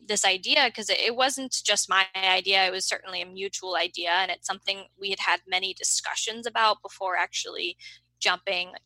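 A woman in her thirties chatting as a podcast guest, her voice bright and forward. She talks in a friendly, unhurried way, pausing on ums and laughing easily. The sound is dry and close. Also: mid-range voice, dry recording, low-quality recording. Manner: friendly, laughs often, frequent ums and restarts. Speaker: podcast guest, marketing agency co-founder. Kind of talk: casual interview conversation.

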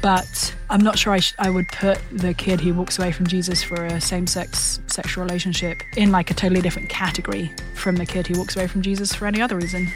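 A woman's voice: fairly low pitch, level tone, quick pace, hardly any pauses, music in the background. A woman, a guest author talking articulately and teasingly. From England. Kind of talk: casual chat.

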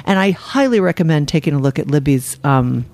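A middle-aged woman hosts a live radio chat show, her voice sitting a little low. She talks in a chatty, loose way, with plenty of ums and easy laughs, into a studio microphone. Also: lively intonation, fairly quick, a little mellow. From New York. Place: radio studio in the back of a restaurant.

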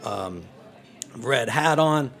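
A man's voice: mid-range voice, lively intonation, drawn-out words, a bit bright. A man, a lawyer appearing as a radio guest, with a dry storytelling manner. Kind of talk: casual talk, telling a joke.

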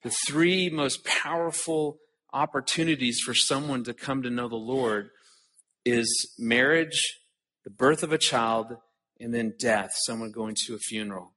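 A man's voice: medium pitch, a little slow, bright, forceful tone. A man in his forties giving an earnest conference talk, telling a personal story and often repeating words as he starts a sentence. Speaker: conference speaker.

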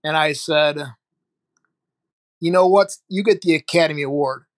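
A man's voice: a little high, moderate pace, dry recording. A middle-aged man from Ohio, a guest telling his story frankly and vividly, with some swearing. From Ohio, United States. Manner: candid, animated storyteller, swears freely. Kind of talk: casual storytelling interview.

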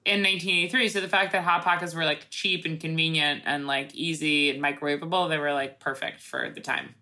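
A woman's voice: low voice, steady tone, a little fast, sharp tone. A woman co-hosting a casual podcast, sarcastic and profane, rambling with lots of fillers. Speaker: podcast co-host.

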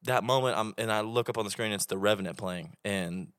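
In casual podcast chat, a young Oklahoman guest with a matching accent spins animated stories peppered with swearing. His voice leans low, clear, and resonant, a little fast, captured in a dry recording with clean studio sound.

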